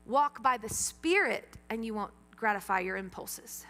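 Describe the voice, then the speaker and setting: A woman's voice: on the high side, animated, a little slow, bright, forceful tone. A middle-aged woman pastor giving a sermon in a church, telling stories with animation and acting out her own reactions. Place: church sanctuary. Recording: long hall reverb.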